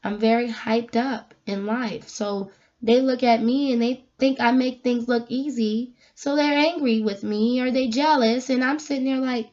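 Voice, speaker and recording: A woman vlogger giving a casual spiritual talk, animated and emphatic as she tells stories. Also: a little high, measured pace. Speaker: vlogger giving a faith message. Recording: dull lo-fi recording.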